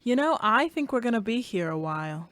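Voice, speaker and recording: A young woman playing a deadpan dinner guest in a student sketch comedy. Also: a little high, a little fast, heavy background noise.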